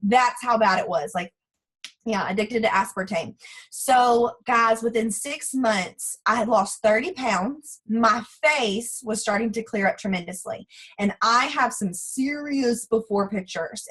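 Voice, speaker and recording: Chatty woman with a husky voice. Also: fairly high pitch, measured pace, poor audio. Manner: chatty, frank and animated, acts out quoted voices. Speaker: guest speaker for a sales team. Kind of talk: casual motivational talk.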